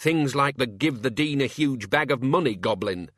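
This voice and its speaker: A man voicing a pompous, irritable older male wizard in an audiobook, snappish and quick to take offence. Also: medium pitch, expressive, a bit bright, dry recording, studio quality, voice pushed up. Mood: touchy.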